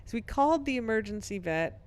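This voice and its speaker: A middle-aged woman co-hosting a podcast, telling a long story briskly and laughing now and then. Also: on the high side, lively intonation. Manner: brisk anecdotal telling, laughs while talking. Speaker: podcast co-host; professor and author. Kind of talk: casual chat, storytelling.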